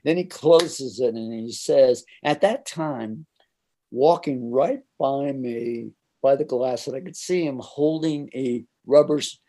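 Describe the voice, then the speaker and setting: An older man recounts a story from his working life at an unhurried pace. He slips into the voices of the people in it and laughs along the way. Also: medium pitch. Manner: animated anecdote-telling, acts out voices and laughs often. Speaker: interviewee recalling his career. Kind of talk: casual storytelling.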